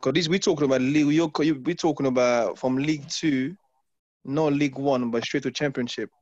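A man from London, a former footballer, telling stories in an interview, animated and repeating phrases as he acts out his past self. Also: mid-range voice, brisk, dry recording. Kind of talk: casual interview storytelling. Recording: dull lo-fi dry sound.

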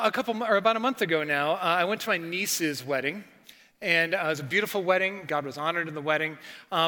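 High, bright-voiced preacher in a reverberant hall. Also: male voice. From northern United States. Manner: animated storytelling with acted-out quotes. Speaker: pastor. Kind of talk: sermon.

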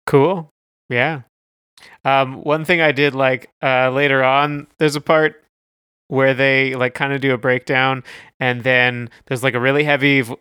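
Guy with a clear bright voice musing about a song, a bit hesitant, dry mic. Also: medium pitch, no room sound. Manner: hesitant, searching for words. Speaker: podcast co-host reviewing music. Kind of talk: casual chat.

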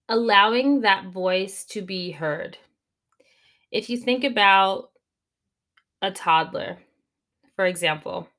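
A woman speaks as a guest on a podcast, giving advice as a coach. Her voice is bright and sharp, and she is animated, slowing down to stress her key points. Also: medium pitch. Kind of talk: podcast interview, conversational advice.

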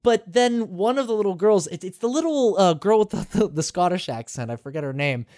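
A man's voice: sits high, expressive, a little fast, darkish tone, no echo, studio quality. A man hosting a podcast, recapping a game in casual chat, swearing freely, laughing often and rambling with restarts. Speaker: podcast host.

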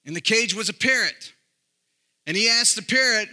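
A man's voice: high-pitched, moderate pace, sharp tone. A middle-aged male pastor preaching a sermon, with emphatic, sung-out phrases that rise and fall.

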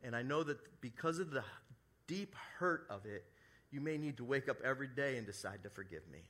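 Male pastor at a church service, bright and forceful voice, animated delivery that drops to hushed asides. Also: medium pitch, a little fast. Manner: animated, shifts between loud emphasis and soft hushed asides; acts out quoted apologies in his own voice. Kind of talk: sermon.

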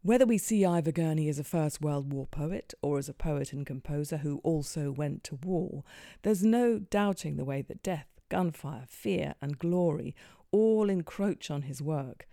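A presenter reading a measured, formal scripted narration. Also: mid-range voice, expressive, creaky, warm tone, dry recording, studio quality.

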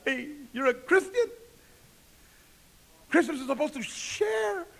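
A man's voice: extremely high pitch, expressive, takes it slowly, vocal fry, fairly bright tone, pitched above the performer's own voice, heavily acted. A man voicing a foolish person pleading to borrow oil, in wheedling street slang.

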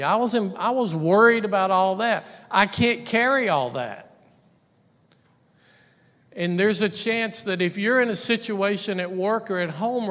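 Male pastor, high voice, chatty preaching with asides, big reverberant hall. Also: a bit bright. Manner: conversational preaching with asides and humor. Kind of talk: sermon.

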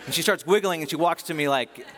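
A man's voice: a little high, quick pace, a bit bright. A man preaching a sermon in a conversational, enthusiastic way, often restarting his sentences. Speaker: pastor. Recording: long hall reverb.

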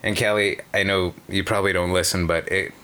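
Deep, bright-toned man, casual and profane storyteller recounting gambling nights. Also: fairly even intonation, brisk. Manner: profane, rambling, many fillers. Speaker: caller sharing casino stories.

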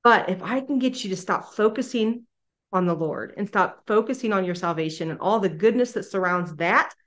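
A woman's voice: medium pitch, normal speed, fairly bright tone, natural voice. A sly scheming devil, as a woman puts him on.

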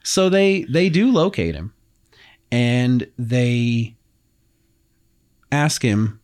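A man casually retells a crime case for his co-hosts, slipping into the voices of the people in it. His pitch sits in the middle range, and his delivery is chatty, full of restarts. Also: expressive, extremely slow, a little mellow. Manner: chatty, acts out quotes, loose restarts. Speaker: podcast co-host telling the case. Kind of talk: casual true-crime storytelling.

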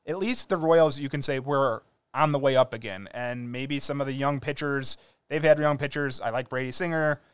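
A man co-hosting a sports podcast, chatting casually with quick, opinionated takes. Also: mid-range voice, clean tone, no echo. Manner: quick, opinionated, animated storytelling. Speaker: podcast co-host.

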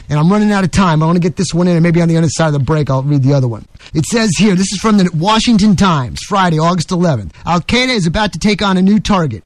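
A man's voice: high voice, no echo. A man hosting a talk radio show, delivering an emphatic, combative opinion monologue.

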